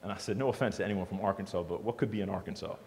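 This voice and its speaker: A man giving a storytelling speech to an audience as a motivational speaker, animated and joking. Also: low voice, racing. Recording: long hall reverb.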